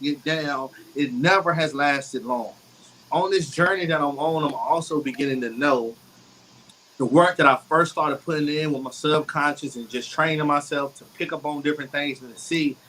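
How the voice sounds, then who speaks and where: A man's voice: on the high side, fairly bright tone, slight background noise, rough recording. A man co-hosting a casual talk, speaking openly and reflectively about his own journey. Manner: reflective, open and candid. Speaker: co-host. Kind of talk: casual conversation on emotions.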